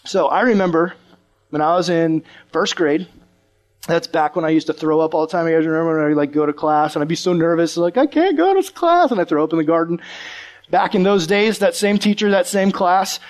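High-voiced man telling a story in a sermon. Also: a little fast. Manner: animated, acts out the voices of the people in his stories. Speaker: preacher. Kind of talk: storytelling sermon to a live audience.

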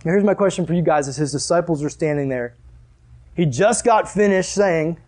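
A man's voice: fairly high pitch, normal speed, a little mellow. A male pastor preaching a sermon in a conversational way, acting out the scenes he tells.

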